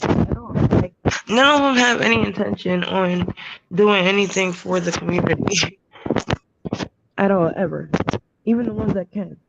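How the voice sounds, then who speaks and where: Gravelly woman on a muffled, noisy line. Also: mid-range voice, a little slow, pauses often. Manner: emphatic, agreeing. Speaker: podcast co-host. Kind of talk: casual chat. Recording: muffled lo-fi line with loud noise.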